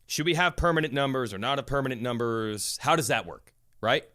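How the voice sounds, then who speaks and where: A man's voice: mid-range voice, expressive, a little fast, sharp tone. A man in casual chat, telling stories animatedly and acting out quoted people.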